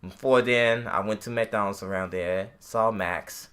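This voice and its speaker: A man's voice: lowish voice, measured pace, a bit bright, clear, resonant tone. A man co-hosting a casual podcast, telling a long story with slang and many restarts. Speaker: podcast co-host.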